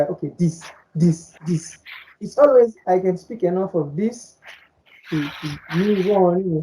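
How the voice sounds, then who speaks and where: A woman's voice: fairly low pitch, dark tone, slight background noise. A woman podcast co-host from French-speaking Africa, a native Fulani speaker, chatting casually, rambling and repeating words with many "you know"s. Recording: dull lo-fi audio.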